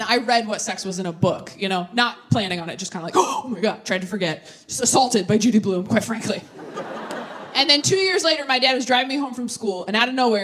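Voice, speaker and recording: A young woman performing stand-up comedy on stage, animated and self-mocking, with quick asides and crowd work. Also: a little high. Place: live theater stage with audience. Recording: live show, audience laughter and room noise.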